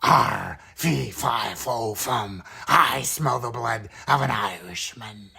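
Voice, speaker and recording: A man voicing a growling, pirate-like male villain in a gravelly voice that comes from a tightened throat. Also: medium pitch, lively intonation, slow, crowd noise, voice pushed down, exaggerated voice. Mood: menacing. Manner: threatening, barking short commands.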